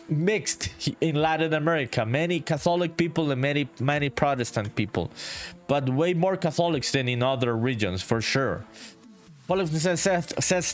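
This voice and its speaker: A man from Honduras, chatting casually on a game-development livestream, reading viewer messages aloud and saying "dude" a lot. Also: on the high side. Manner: laid-back, reads viewer chat aloud, says "dude" often. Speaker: indie game developer streaming. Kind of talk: casual livestream chat while working.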